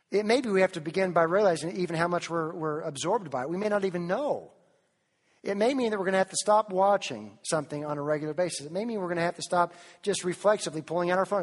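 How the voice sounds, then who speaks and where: A preacher from Tennessee, delivering an animated sermon that keeps putting questions to the congregation and quotes King James scripture. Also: high voice, in a large hall.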